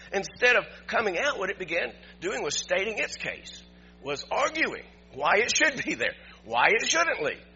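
A male pastor tells a story and works through scripture in an animated sermon. His voice sits high and bright and leaps around in pitch as he builds to emphatic points. The recording is a little muffled, with soft music underneath. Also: gravelly. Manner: animated storytelling preacher, rising to emphatic peaks.

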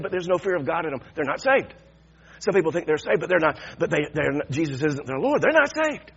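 A man preaching a sermon in an animated way, swinging from hushed asides to loud, stretched-out emphasis. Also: mid-range voice, husky, muffled recording. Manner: animated, swings from hushed to loud, acts out the crowd's mocking laughter.

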